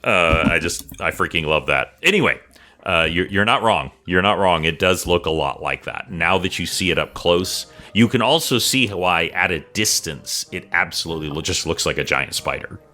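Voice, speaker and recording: Bright-voiced male game master. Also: sits low, animated, moderate pace. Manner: chatty, hesitant with many fillers. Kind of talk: narrating a tabletop game.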